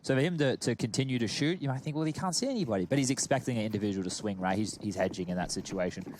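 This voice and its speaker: A man's voice: medium pitch, lively intonation, very fast, darkish tone, slight background noise. A man explaining plays as an esports analyst, often asking for agreement. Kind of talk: analytical commentary.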